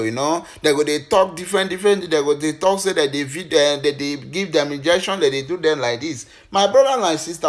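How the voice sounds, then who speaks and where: A man with a Nigerian Pidgin accent, a vlogger chatting directly to his viewers. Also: high voice. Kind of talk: casual commentary to viewers.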